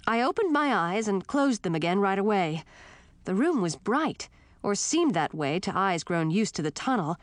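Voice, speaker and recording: A woman reading a first-person fantasy story with steady, expressive narration. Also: mid-range voice, moderate pace, no room sound. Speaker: audiobook narrator.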